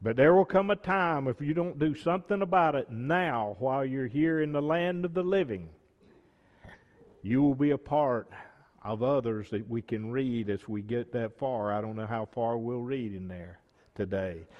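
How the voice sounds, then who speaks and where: A man preaching a sermon, reading scripture and explaining it slowly and deliberately, with emphatic bursts on key words. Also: mid-range voice, long reverb tail, lo-fi sound. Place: church sanctuary.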